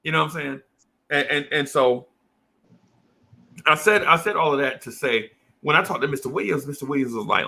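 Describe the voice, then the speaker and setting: A middle-aged man tells a long story in casual talk. His voice is bright and sits a little high. He jumps between quoted voices and keeps dropping in slang. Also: lively intonation, normal speed, vocal fry, pauses often. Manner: acts out teachers and kids in quoted voices, heavy slang. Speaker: podcast co-host telling a childhood story.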